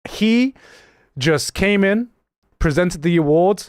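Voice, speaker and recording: An excitable man from Thailand talking casually to his stream, swearing freely and now and then bursting into shouts. His voice sits a little high, and the sound is close and dry with no room around it. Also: takes it slowly, clean tone, no room sound.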